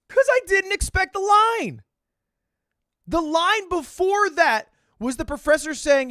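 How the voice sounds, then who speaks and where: A man in his twenties, a streamer telling a story in casual chat, animated and swearing, with sudden bursts of loud laughter. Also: very high voice, measured pace, no echo, studio quality. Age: 20s.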